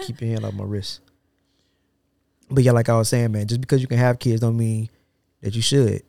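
A man's voice: medium pitch, fairly even intonation, moderate pace, vocal fry, warm tone. A man co-hosting a casual podcast, joking and slangy, talking into a studio mic. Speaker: podcast co-host.

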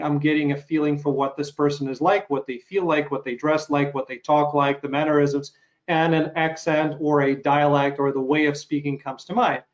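A man interviewing a guest, who talks about his own auditions in a loose, rambling way, thinking aloud. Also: fairly high pitch. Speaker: interviewer and actor. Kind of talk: casual interview talk.

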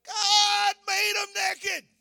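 A male preacher delivering a fervent sermon, shouting his points and calling out to the congregation. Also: very high voice, completely flat delivery, drawn-out words, vocal fry, dry recording, studio quality.

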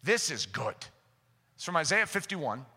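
A man preaching a sermon, his high, sharply bright voice ringing through a long hall reverb. He talks steadily and then climbs into impassioned, shouted prayer. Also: sing-song, a little slow, breathy edge.

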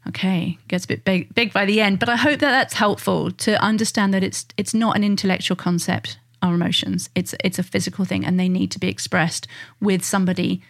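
A woman's voice: mid-range voice, steady tone, brisk, few pauses. A woman, a parenting coach talking earnestly and reassuringly to parents, acting out the quotes she gives. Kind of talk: direct-to-listener parenting advice.

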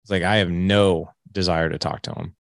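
A man in his late forties shares his life story as a podcast guest. His voice is deep with a gravelly edge, and he acts out the conversations as he goes. The sound is close and dry. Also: moderate pace, no echo. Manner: candid, animated storyteller who acts out dialogue. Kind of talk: storytelling in an interview.

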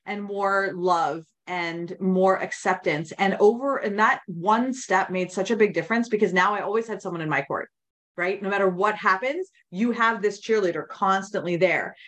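A woman's voice: mid-range voice, normal speed, fairly bright tone. A woman guest on a podcast, telling her personal story in a candid, rambling way, full of restarts and quoted inner thoughts.

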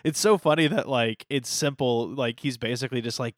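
A man co-hosting a podcast in casual chat, enthusiastic and quick to laugh. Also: medium pitch, expressive, dry recording, clean studio sound. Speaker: podcast co-host discussing anime.

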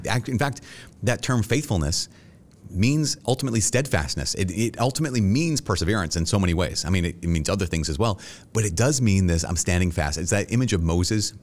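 Deep-voiced earnest middle-aged priest. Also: male voice. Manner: earnest and reflective, with animated self-quotes. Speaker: Catholic priest guest. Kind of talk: conversational interview answers.

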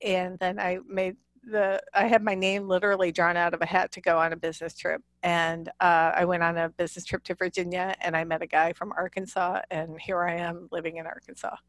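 A woman's voice: on the low side, flat delivery, brisk, few pauses, no echo, clean studio sound. A woman from the northern US Midwest with a Midwestern accent, a romance author chatting as a guest and laughing often. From US Midwest, Illinois. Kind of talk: casual interview chat.

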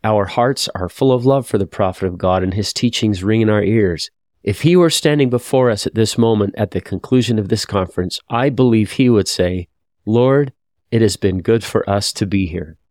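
A man's voice: on the low side, moderate pace, darkish tone, dry recording, studio quality. A man teaching a scripture lesson, reading verses aloud and reflecting in a confessional, thoughtful way.

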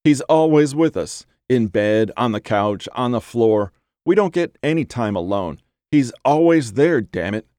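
A man's voice: medium pitch, lively intonation, a little slow, a little mellow, no room sound, pitched above the performer's own voice, close to an everyday voice. Man putting on a jealous bitter young woman, raised and pleading, dry sound. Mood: bitter, upset.

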